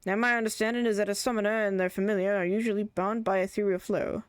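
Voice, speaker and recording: A woman voicing an earnest male scholar with an Irish accent, reading game dialogue in a measured, formal way. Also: mid-range voice, steady tone, clean tone, dry recording, studio quality, close to an everyday voice. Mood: musing.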